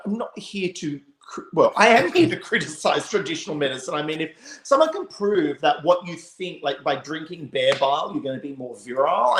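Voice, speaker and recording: A man's voice: on the high side, a bit bright. A man co-hosting a casual chat show, emphatic and swearing freely. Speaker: co-host. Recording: roomy echo.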